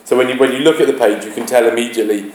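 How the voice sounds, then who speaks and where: A man teaching a class, talking haltingly, searching aloud for words and chanting rhythms to show them. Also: medium pitch, steady tone, a little mellow. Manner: demonstrates rhythms by chanting beats. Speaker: English teacher. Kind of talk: classroom explanation of a play. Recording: roomy, echoey classroom.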